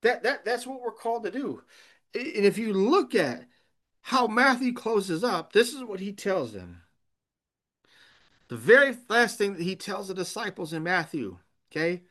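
A man's voice: high voice, animated, a little slow, fairly bright tone. A man pastor preaching a sermon, earnest and emphatic, asking rhetorical questions.

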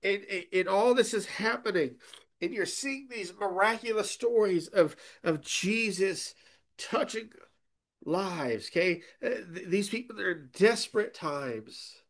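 Emphatic male pastor with a higher voice. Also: expressive, a little slow. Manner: emphatic, often checks in with the congregation; swings from loud emphasis to quiet asides. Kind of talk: sermon.

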